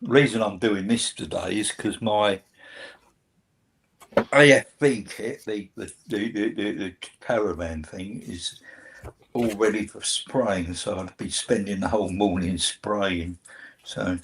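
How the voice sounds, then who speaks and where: A slow-talking older man chats as he works on a model kit. His voice sits on the low side, and his remarks are laid-back. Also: slight background noise. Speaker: co-host model builder. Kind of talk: casual chat while building.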